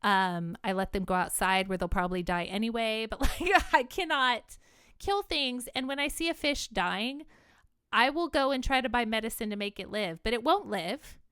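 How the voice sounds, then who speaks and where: A woman's voice: on the high side, expressive, normal speed, a bit bright, smooth, no echo, studio quality. A woman co-hosting a podcast, talking casually and giving opinions in a rambling way with many restarts. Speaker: podcast co-host. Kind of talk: casual chat.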